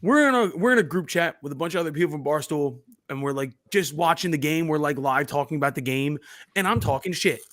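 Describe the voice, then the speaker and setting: A man's voice: on the high side, expressive, quick pace, a bit bright. A man hosting a casual podcast chat, brash and boastful, swearing freely as he tells a story. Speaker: podcast host.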